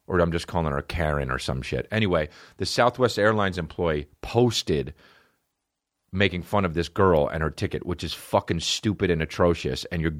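A man with a very low voice rants casually on a comedy podcast, cursing freely and wandering from one thought to the next. He mutters some asides and then yelps up high in loud outbursts. The sound is close and dry, with no room around it. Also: no room sound. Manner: profane, rambling, animated with sudden high outbursts. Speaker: podcast host.

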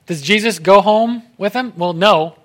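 A young man preaching a casual sermon in an animated way, acting out the voices of the people he quotes. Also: high-pitched, unhurried.

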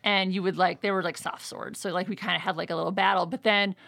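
A woman's voice: fairly low pitch, fairly even intonation, quick pace, vocal fry, fairly bright tone, dry recording. A woman retelling a role-play adventure in casual chat, leaning hard on "like" and acting out the lines of the people in her story. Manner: chatty, filler-heavy with frequent "like", acts out quoted lines.

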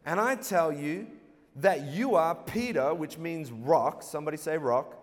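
A man's voice: a little high, measured pace. A man preaching a sermon, playful, calling out for the congregation to answer back and laughing at his own jokes. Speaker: pastor. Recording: long hall reverb.

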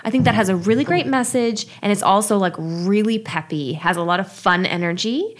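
Laughing woman podcast co-host. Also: mid-range voice. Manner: animated, laughs often, quick asides. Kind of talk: casual chat.

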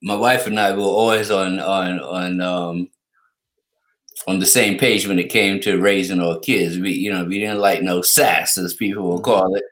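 A middle-aged man co-hosting a podcast, telling family stories in a relaxed way and laughing through them. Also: low-pitched, normal speed. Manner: laid-back storyteller who laughs through his anecdotes. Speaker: podcast co-host. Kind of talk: casual podcast chat. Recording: roomy echo.

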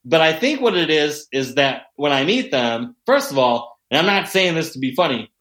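A man telling stories in a casual chat, animated and heavy on swearing. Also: on the high side, moderate pace. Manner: profane, animated storyteller. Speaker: podcast guest. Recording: roomy echo.

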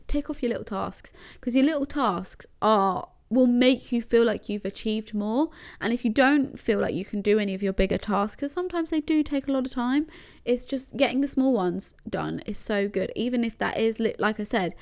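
A woman's voice: fairly high pitch, vocal fry. A young woman chatting casually through organising tips in a rambling, self-deprecating way. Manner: rambling, self-deprecating, full of fillers like "do you know what I mean". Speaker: lifestyle vlogger. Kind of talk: casual chatty advice vlog.

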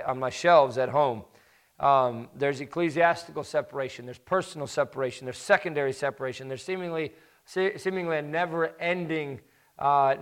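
A man preaching a sermon in an earnest, measured way, with some repeated words and fillers, building to emphatic rhetorical questions. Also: on the high side, fairly bright tone.

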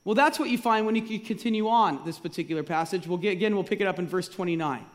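A man's voice: high-pitched, fast talker. A man preaching a sermon to his congregation, asking rhetorical questions and repeating key phrases for emphasis. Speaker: pastor. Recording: long reverb of a large hall.

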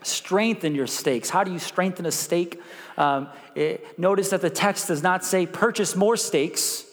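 A man preaching a sermon as pastor, animated, with call-and-response prompts to the congregation. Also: high voice, a little slow, in a large hall. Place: church sanctuary.

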